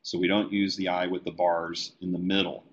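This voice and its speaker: A man who letters comic books, teaching a live software tutorial and talking easily as he works on screen. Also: low voice, normal speed, highs cut off. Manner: relaxed, talks while working on screen. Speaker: comic book letterer and design educator.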